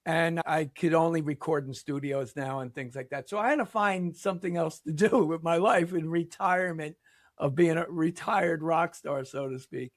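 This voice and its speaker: An older man from New York speaks as a podcast guest, his voice sitting a touch high for a man. He tells rambling stories and animates the quotes inside them. The sound is dry and close. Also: moderate pace, no echo. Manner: rambling, animated storyteller who acts out quotes. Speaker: podcast guest, pickleball league founder. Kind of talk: casual interview storytelling.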